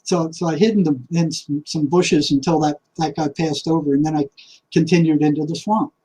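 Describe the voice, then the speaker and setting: An older man, a retired therapist, telling a personal story in a casual, halting way, repeating words and acting out the voices in his head. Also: a little high, steady tone, mellow, breathy edge, rough recording. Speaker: retired psychotherapist.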